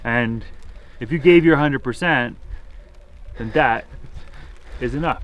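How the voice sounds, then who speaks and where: Plain-spoken man, steady voice. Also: medium pitch, takes it slowly. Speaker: professional cyclist. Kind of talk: casual vlog talk.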